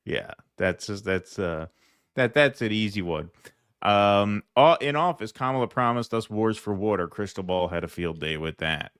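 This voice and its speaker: Dry, sardonic low-voiced man. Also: expressive, normal speed, fairly bright tone, smooth, dry recording. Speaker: co-host reading viewer comments. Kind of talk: casual livestream chat.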